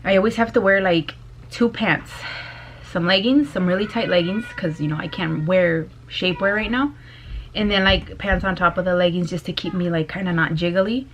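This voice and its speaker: A woman vlogger chatting casually to her camera, loud and bubbly, laughing often. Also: fairly low pitch, moderate pace, dull audio, slight background noise. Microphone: compact camera.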